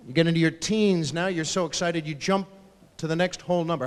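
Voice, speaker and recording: A man doing a stand-up routine on stage, slipping into the voices of his family members as he tells stories. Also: on the high side. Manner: animated, acting out family members in quick asides. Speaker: stand-up comedian. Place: large ballroom stage at a live fundraiser. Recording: long hall reverb from a large ballroom.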